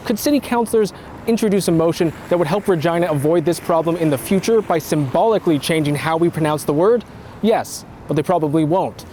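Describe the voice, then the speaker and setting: A man reporting a news story in a measured, explanatory way. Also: a little high, dark tone, slight background noise.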